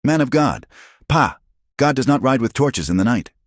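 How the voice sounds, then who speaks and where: A man's voice: medium pitch, very animated, moderate pace, no room sound, clean studio sound, pitched above the performer's own voice. A man voicing a stern elderly farm wife with a Norwegian accent who speaks in blunt, clipped broken English.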